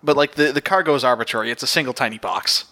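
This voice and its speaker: A man's voice: mid-range voice, fast, bright, forceful tone. A man co-hosting a podcast, giving long, analytical points in casual chat. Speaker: podcast co-host. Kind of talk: casual chat recapping a cartoon episode.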